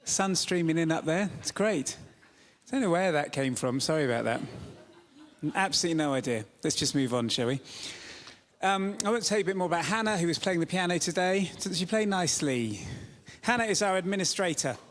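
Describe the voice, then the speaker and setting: A man with a high-pitched voice delivers a chatty, joking sermon to his congregation. His voice rings out through a church with a long, trailing reverb, and he tells stories with animated energy. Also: brisk. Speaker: pastor. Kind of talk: informal sermon with humor. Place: church sanctuary.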